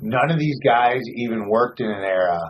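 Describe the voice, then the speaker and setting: Profane, animated man hosting a podcast. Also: medium pitch, normal speed, slight background noise, poor audio. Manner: profane, animated, lists names in runs. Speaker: podcast host. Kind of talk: casual chat.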